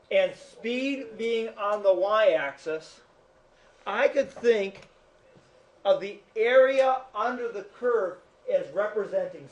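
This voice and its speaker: High-voiced male teacher, echoey classroom. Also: far from the mic, muffled recording. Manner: chatty, jokes with students. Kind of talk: classroom lecture.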